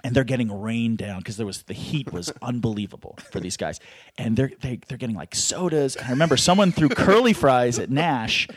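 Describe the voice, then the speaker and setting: A man's voice: mid-range voice, a little fast. A middle-aged man spins a story as a guest, his voice swinging widely up and down. He is self-deprecating and acts out other people's lines. The sound is dry, with no room echo. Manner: animated, acts out voices while telling stories. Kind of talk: casual storytelling.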